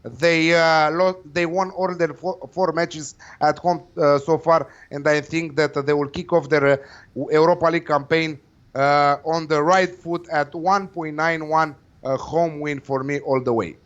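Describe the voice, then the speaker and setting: A man's voice: fairly high pitch, steady tone, unhurried. Hesitant man, muffled audio. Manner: hesitant, many uh fillers, confident opinions. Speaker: football betting pundit. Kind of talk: casual panel chat.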